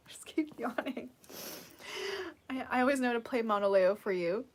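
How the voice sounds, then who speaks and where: A woman's voice: fairly high pitch, breathy edge. A woman hosting a casual live stream who reads out viewer comments, encouraging and laughing often, sleepy and yawning.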